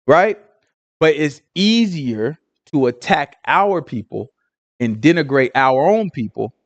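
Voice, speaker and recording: A man giving an informal Sabbath teaching to a congregation, talking in an animated, conversational way full of rhetorical questions. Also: fairly high pitch, slow, no room sound, lo-fi sound.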